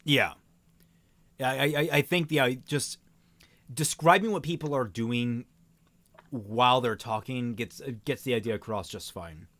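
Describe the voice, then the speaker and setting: A man co-hosting a stream, reading fan writing aloud and critiquing it in halting, casual talk. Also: mid-range voice, dry recording. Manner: halting, many restarts, lively when reading quotes.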